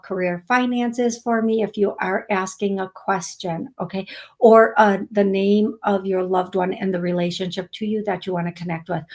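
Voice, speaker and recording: A woman hosting a live psychic reading stream, talking slowly and affectionately to viewers, with many fillers while she reads comments. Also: mid-range voice, darkish tone. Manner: slow, soothing, affectionate. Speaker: psychic medium host.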